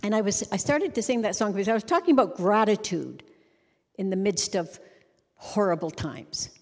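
A middle-aged woman giving a humorous storytelling sermon at a conference, animated and conversational, sometimes breaking into song to make a point. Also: mid-range voice, normal speed, slightly rough. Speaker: conference speaker. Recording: long reverb of a large hall.

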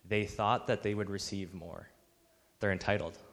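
Guy preaching a sermon, lowish voice, big echoey hall, acts out the quotes. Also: steady tone, moderate pace. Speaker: pastor.

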